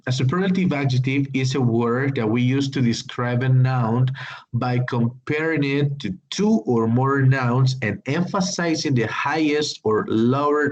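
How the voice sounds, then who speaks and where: A man teaching an English grammar class online, speaking slowly and hesitantly, with many fillers and apologies. His first language is Spanish. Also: mid-range voice, lo-fi sound.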